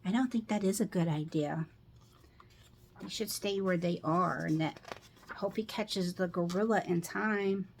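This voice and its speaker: A middle-aged woman reading a picture book aloud to children, pausing to ask them questions about the pictures. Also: on the low side, creaky, a little hiss or hum. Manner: slow, asks children questions.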